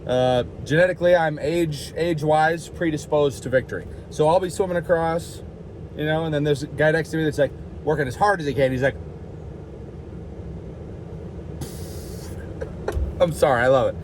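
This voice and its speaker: A man's voice: on the high side, brisk, a little hiss or hum. A man vlogging in a rambling, jokey, self-mocking way, with lots of fillers and over-the-top asides. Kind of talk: casual rambling vlog.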